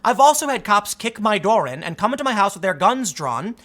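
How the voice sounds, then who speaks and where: A man with a high, bright voice tells a personal story in a loose, chatty monologue. He stays animated throughout and acts out the people in it as he goes. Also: brisk. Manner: animated retelling, acts out the dialogue. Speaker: vlog host.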